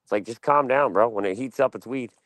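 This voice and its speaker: A man's voice: medium pitch, fairly quick, a bit bright, no room sound. A man from Delaware ranting casually and profanely on a podcast panel. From Delaware, USA.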